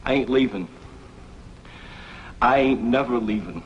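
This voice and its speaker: An actor playing a stubborn, disturbed young man who refuses to leave and repeats himself in frantic shouts, in 1970s TV movie acting on a dull, lo-fi old film soundtrack. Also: mid-range voice, unhurried, slight background noise, lightly acted.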